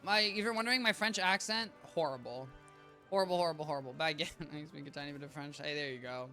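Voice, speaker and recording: A man on a live stream chats to his viewers while playing, rambling and cutting himself off mid-sentence. His voice is bright and a little high, though he sounds somewhat tired and low on energy. Faint game music plays behind him. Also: fairly even intonation, quick pace. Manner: rambling, self-interrupting, chatty with viewers. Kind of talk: casual live-stream gameplay chat.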